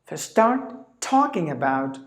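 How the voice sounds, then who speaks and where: A man gives a lesson in a slow, unhurried way and lays out single words one at a time. His voice sits a little high, and he keeps clearing his throat. The room around him echoes. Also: very animated. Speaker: English teacher. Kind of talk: spoken English lesson.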